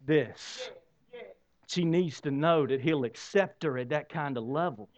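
A man preaching a sermon as pastor, swinging from loud exclamations to hushed, drawn-out lines. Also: on the high side.

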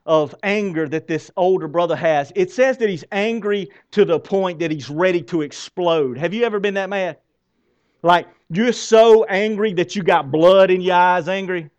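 A man preaching a sermon, animated, asking his listeners rhetorical questions and reading scripture aloud with dramatic pauses. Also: high-pitched. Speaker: pastor.

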